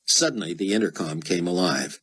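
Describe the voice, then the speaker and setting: A man narrating an audiobook in an even, steady storytelling manner. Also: low voice, a little fast, slightly rough, low-quality recording. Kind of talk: scripted narration.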